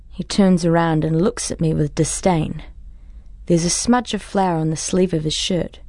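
A woman's voice: on the low side, fairly even intonation, normal speed, warm tone, no echo. A woman reading a first-person story aloud in a wry, conversational manner. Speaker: audiobook narrator. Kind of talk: first-person audiobook narration.

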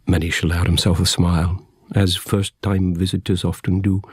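A man with a husky voice narrating a first-person story in an intimate, reflective way. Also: low-pitched, fairly even intonation, moderate pace, hardly any pauses, dry recording, studio quality. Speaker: audiobook narrator.

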